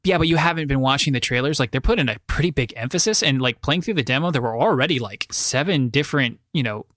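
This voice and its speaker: Brief: male podcast co-host, average pitch, playful and chatty, dry recording. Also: animated, fast, a bit bright, no echo. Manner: joking, teasing banter. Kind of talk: casual chat.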